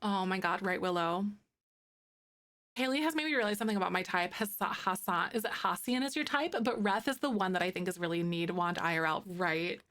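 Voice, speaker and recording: A woman chatting casually on a live stream, excitable and talkative, a self-described loudmouth. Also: on the low side, fairly quick.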